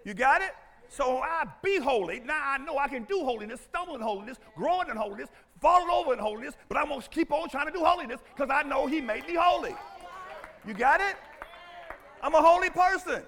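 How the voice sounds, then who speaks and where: Man, pastor, sermon, very high voice, bright tone, animated, teasing, calls out to the crowd. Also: fast. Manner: animated, calls out to congregation, bursts into shouts; playful, teasing, laughs often.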